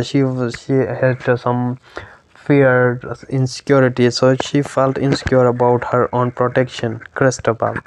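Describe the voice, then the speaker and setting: Slow, hesitant man explaining a poem. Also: medium pitch, clean tone, no echo. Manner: hesitant, many fillers and "right?" checks. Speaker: literature teacher.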